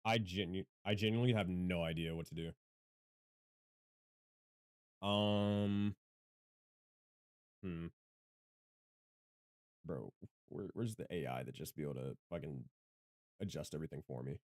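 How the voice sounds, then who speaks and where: A man streaming from home, loud and self-deprecating, rambling through casual mic tests on a studio microphone. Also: sits low, normal speed, long pauses. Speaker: gaming content creator and streamer. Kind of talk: casual livestream mic testing. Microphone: studio microphone with equalizer.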